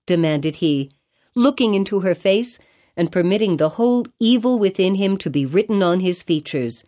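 A woman narrating a classic novel as an audiobook, in measured, formal storytelling. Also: low voice, expressive, warm tone.

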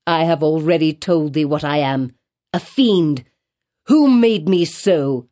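A woman's voice: low voice, takes it slowly, dark tone. A woman reading Roger Chillingworth, a brooding old physician. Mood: bitter. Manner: grave, brooding, archaic speech. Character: elderly male physician, bitter and vengeful. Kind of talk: audiobook character reading.

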